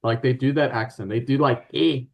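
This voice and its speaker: A man's voice: medium pitch, steady tone, brisk, creaky, lo-fi sound. Hesitant Afrikaans-accented man, swearing casually. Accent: Afrikaans South African. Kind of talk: casual chat.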